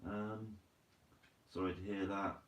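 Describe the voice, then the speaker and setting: A man's voice: low-pitched, steady tone, slow pace, recorded from a distance. Laid-back man chatting on a live stream. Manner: casual and chatty, says mate a lot. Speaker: fishing channel host. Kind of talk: live stream chat, reading comments. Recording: roomy, from away from the mic.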